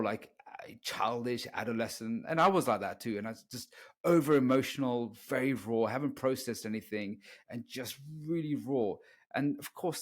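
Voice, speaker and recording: A middle-aged man co-hosting a podcast, speaking earnestly and getting animated when he quotes others. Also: mid-range voice. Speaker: podcast co-host, dating coach. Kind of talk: casual podcast conversation.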